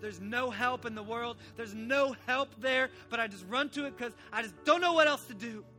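A man's voice: very high voice, moderate pace, bright, forceful tone, soft background music. A man preaching a sermon, telling a Bible story animatedly and voicing its characters.

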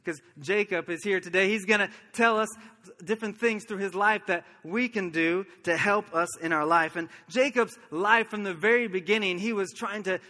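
Bright high-voiced man preaching. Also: normal speed, long reverb tail. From Oklahoma, USA. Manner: earnest storytelling with chuckles. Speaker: pastor. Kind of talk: sermon.

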